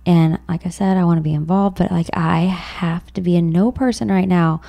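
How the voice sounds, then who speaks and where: A woman's voice: lowish voice, fairly even intonation, normal speed, vocal fry, mellow. A woman in her thirties, a podcast host, talking through her week in a rambling, repetitive, heartfelt monologue. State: tearful. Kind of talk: emotional personal monologue.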